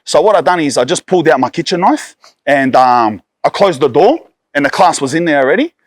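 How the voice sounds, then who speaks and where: A man's voice: on the high side, animated, a little fast, dry recording, clean studio sound. Aussie man telling a yarn, swearing hard. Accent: Australian. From Sydney, Australia. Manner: blunt, heavy swearing, street slang, lots of "bro". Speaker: storyteller guest. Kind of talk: casual storytelling.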